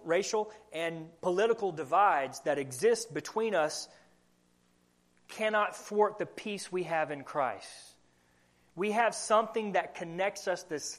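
A young adult man with a country accent preaching a sermon as pastor, earnest and asking the congregation questions. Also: high-pitched. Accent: American Southern country.

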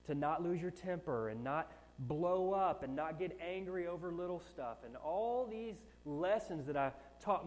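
A man preaching a sermon, telling a self-mocking story from his own life, with animated, shifting emphasis. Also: on the high side, long reverb tail. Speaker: pastor.

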